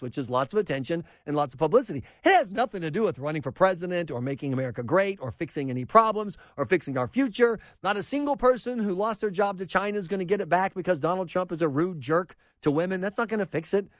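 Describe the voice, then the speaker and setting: A man hosts a talk radio show in a fairly high voice with a wide, swinging range. He is sarcastic and animated, riffing through an opinionated monologue. The sound is dry and close, like a studio microphone. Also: fast talker, few pauses, no echo. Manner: sarcastic, animated, mocks quotes in put-on voices.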